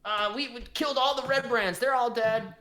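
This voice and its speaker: A man's voice: very high voice, bright, forceful tone, reverberant, a little hiss or hum, pitched above the performer's own voice. A man voicing a timid male goblin who stutters and halts between words. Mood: nervous. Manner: halting, stuttering.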